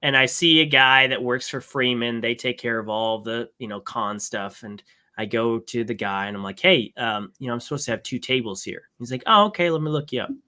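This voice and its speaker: Bright-voiced man telling a story. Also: medium pitch. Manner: animated anecdote with quoted exchanges. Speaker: podcast co-host. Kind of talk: casual storytelling chat.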